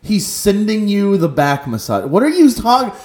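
A man co-hosting a casual talk show, incredulous and swearing, with loud laughs. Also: high voice, sing-song, moderate pace. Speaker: podcast co-host. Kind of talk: casual banter. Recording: roomy echo with faint noise.

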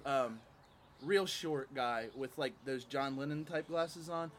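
A man telling a story in a casual podcast chat on a porch, animated and profane, often laughing as he talks. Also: medium pitch, slow pace, slight background noise. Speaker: podcast panelist and stand-up comic. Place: home porch, outdoors.

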